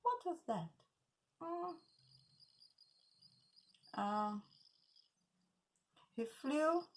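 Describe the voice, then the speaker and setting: A woman teacher reading a children's story aloud in English as a Portuguese native, slow and expressive. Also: medium pitch, breathy edge.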